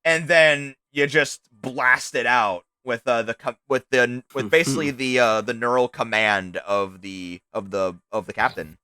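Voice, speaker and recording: A young man as game master of a streamed tabletop game, casual and excitable, swearing freely as he describes the action. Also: mid-range voice, measured pace, few pauses, clear, resonant tone, dry recording.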